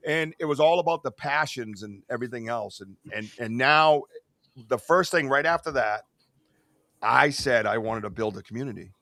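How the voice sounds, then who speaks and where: Podcast host, male, bright forceful voice, excitable and rambling, dry close sound. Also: medium pitch, normal speed, no room sound. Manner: excitable, rambling, lots of fillers. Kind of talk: casual podcast chat.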